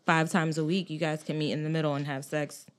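A woman's voice: low-pitched, flat delivery, fast, a little hiss or hum. A woman co-hosting a casual podcast, talking earnestly about relationships in an easygoing way. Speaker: podcast co-host.

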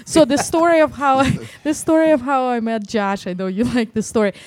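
A woman with a Russian accent blended with Detroit, a film producer telling stories in a podcast interview, animated and laughing often. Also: a little high, fairly quick.

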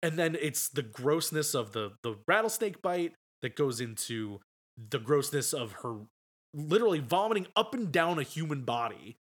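A man's voice: fairly high pitch, moderate pace. Rambling male film podcast co-host. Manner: rambling, animated retelling with restarts. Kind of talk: casual film review chat.

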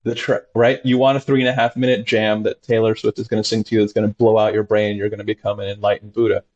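A man, a doctor as interview guest, talking expressively and acting out his patients' voices with big jumps in pitch. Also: level tone, fast, darkish tone, dull audio. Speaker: integrative medicine doctor, guest. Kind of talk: animated conversational interview.

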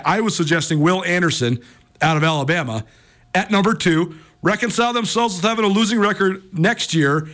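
A man's voice: high voice, animated, a little fast, fairly bright tone. An American man hosting a sports radio talk show, rambling and chatty with lots of fillers and restarts.

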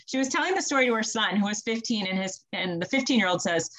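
A young woman, a student midwife, recounts a birth in a relaxed podcast interview. She is animated, laughs easily and brings the people in her story to life with her voice. Her pitch sits mid-range for a woman. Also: fast talker, rough recording. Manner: animated, laughs often, acts out quotes with her voice.

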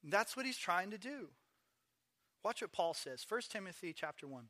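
Man, pastor, high voice, bright and forceful, lively sermon in a church. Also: normal speed. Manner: animated storytelling with acted voices.

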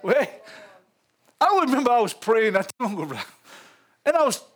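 A man preaching a sermon in a folksy, animated way, laughing often between lines. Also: extremely high pitch, normal speed.

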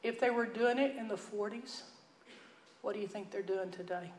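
A woman with a Texan accent, teaching a sermon in a folksy, earnest storytelling way that drops to a hush for emphasis. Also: mid-range voice, normal speed, reverberant, slight background noise, rough recording. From Texas. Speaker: Bible teacher.

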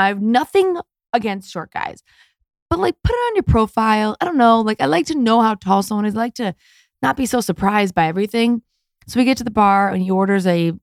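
A woman's voice: medium pitch, creaky, no echo, studio quality. A woman hosting a podcast, telling dating stories in a candid, chatty way and acting out both sides of conversations. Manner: chatty, candid, animated with quoted voices. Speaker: podcast host. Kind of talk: casual storytelling monologue.

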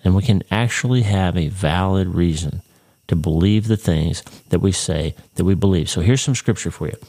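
A man's voice: deep voice, a little mellow. A man hosting a faith podcast, teaching Bible study in an earnest, conversational way and putting direct questions to the listener. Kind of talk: devotional teaching.

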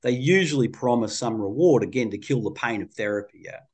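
A man's voice: mid-range voice, lively intonation, brisk, a little mellow. A middle-aged man, a child therapist telling a story in an interview, playful and colloquial.

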